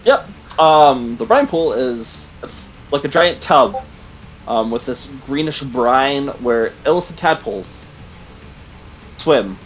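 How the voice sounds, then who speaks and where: Halting male game master. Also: medium pitch, expressive, faint music behind, low-quality recording. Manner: halting, many ums and likes. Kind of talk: narrating a tabletop game.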